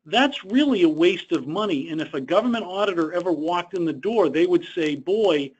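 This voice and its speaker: A man's voice: high voice, expressive, brisk, husky. A man presenting a webinar lecture in a conversational way, explaining rules through personal stories. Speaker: presenter on government contract costs. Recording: dull lo-fi webinar audio.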